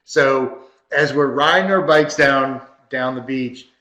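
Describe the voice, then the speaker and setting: A man's voice: mid-range voice, takes it slowly, echoey room. A man co-hosting a podcast, telling anecdotes in a casual chat and laughing as he goes. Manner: animated storyteller who laughs through his anecdotes. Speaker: podcast co-host.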